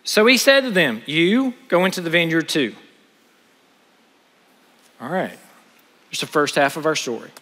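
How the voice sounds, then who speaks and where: Man, preacher, sermon, animated, bright forceful voice, long hall reverb. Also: on the high side, measured pace, pauses often. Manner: animated, acts out parable voices, asks the audience questions.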